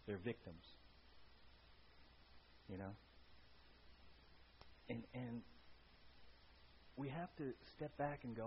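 A male pastor giving a conversational sermon with an animated delivery, often checking in with the congregation by asking "right?". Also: medium pitch, slow pace, long pauses. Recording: dull lo-fi recording with faint hiss.

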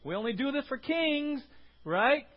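A man preaching to his congregation in an animated way, often checking in with "right?" and bursting into acted shouts. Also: very high-pitched, a little slow. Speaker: pastor. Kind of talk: sermon. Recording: muffled lo-fi sermon recording.

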